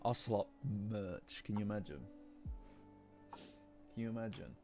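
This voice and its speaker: A man's voice: fairly low pitch, measured pace, gravelly, warm tone. A man with a lingering cough, chatting casually and rambling with his live-stream audience, swearing now and then. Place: cold room at home. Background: faint lo-fi music.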